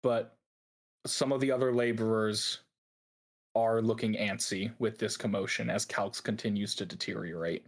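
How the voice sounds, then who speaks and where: A man's voice: on the low side, moderate pace. Laughing man running a tabletop game. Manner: laughs often while narrating, relaxed and playful. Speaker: game master.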